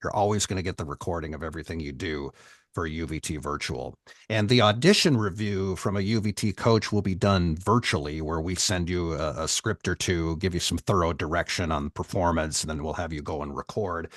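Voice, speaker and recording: A man hosting an online voiceover class, explaining things in a relaxed conversational way. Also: low voice, brisk, no room sound, clean studio sound.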